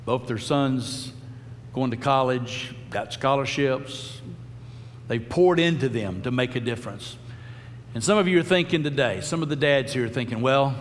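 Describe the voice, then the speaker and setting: Pastor asking questions in an echoing hall. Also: male voice, medium pitch. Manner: rhetorical questions to the congregation. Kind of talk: sermon. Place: large church sanctuary. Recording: long hall reverb with faint hum.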